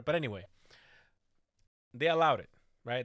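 A man's voice: medium pitch, animated, fairly quick, pauses often, fairly bright tone, no room sound, clean studio sound. A man in casual talk, telling a story animatedly, swearing often and acting out the quotes. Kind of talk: casual podcast chat.

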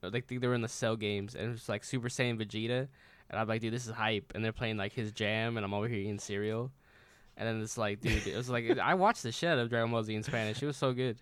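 Man, laid-back, says dude a lot, smooth resonant voice, casual chat, dry close sound. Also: fairly low pitch, fairly even intonation, fast, a bit bright, dry recording.

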